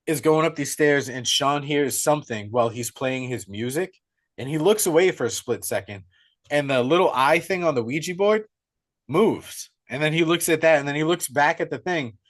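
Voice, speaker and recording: Excitable swearing young man recapping a film. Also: a little high. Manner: excitable, profane storytelling. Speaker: podcast co-host. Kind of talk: casual movie recap.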